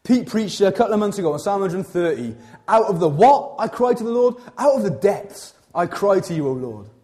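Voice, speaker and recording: A young man preaching with a high-pitched but mellow voice. He talks to the congregation like friends, jumping from jokes to earnest appeals and stumbling over repeated words as he goes. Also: a little fast. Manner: animated, conversational preaching with asides and repetitions. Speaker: pastor. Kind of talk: sermon.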